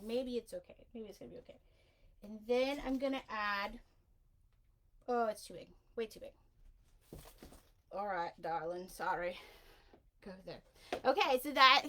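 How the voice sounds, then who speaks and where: A woman's voice: a little high, a bit bright, a little hiss or hum, low-quality recording. A woman hosting a casual livestream craft demonstration, chatty and rambling, often breaking off with a laugh. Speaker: craft tutorial host.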